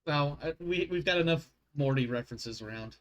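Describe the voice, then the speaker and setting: A man's voice: a little high, brisk, fairly bright tone. A man narrating as game master of a tabletop role-playing game, rambling and correcting himself and swearing at his slips.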